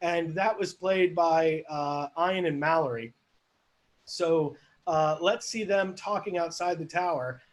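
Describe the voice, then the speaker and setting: Upbeat male host narrating improv scenes, higher voice, casual and playful. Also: slow. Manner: chatty, laughing, asks the audience for suggestions. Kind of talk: live online improv narration.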